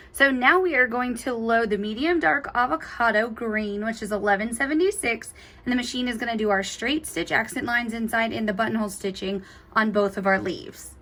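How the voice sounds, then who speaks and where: A woman's voice: on the high side, fairly bright tone. A woman giving a chatty, enthusiastic step-by-step embroidery tutorial, gushing over cute details. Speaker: embroidery instructor.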